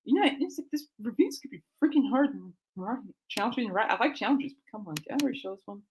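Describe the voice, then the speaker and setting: A woman hosting her own podcast, chatting in a rambling, excitable way that often trails off and restarts. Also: fairly high pitch, fast talker, a little hiss or hum. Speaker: podcast host. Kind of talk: rambling casual chat.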